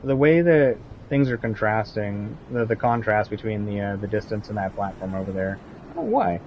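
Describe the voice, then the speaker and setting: Lively low-voiced man streaming a game. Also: normal speed, highs cut off, a little hiss or hum. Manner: chatty, talks to chat and to his game companion. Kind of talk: casual gameplay commentary.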